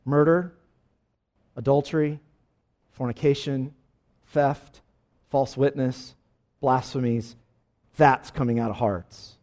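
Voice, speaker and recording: A male pastor preaching a sermon emphatically, dropping to soft asides and rising to loud exclamations. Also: mid-range voice, steady tone, slow pace, pauses often.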